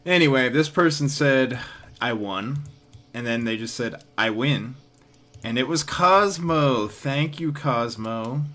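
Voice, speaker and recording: A man's voice: medium pitch, takes it slowly, fairly bright tone. A man streaming live, giving casual, dry and sarcastic commentary.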